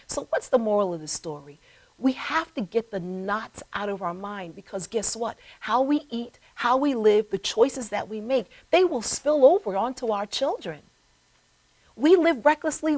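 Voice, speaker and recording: A middle-aged woman host relates a personal story in an animated way. Her voice sits fairly high and moves over a wide range of pitch, acting out the voices as she goes. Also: low-quality recording. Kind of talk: storytelling talk. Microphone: live stream.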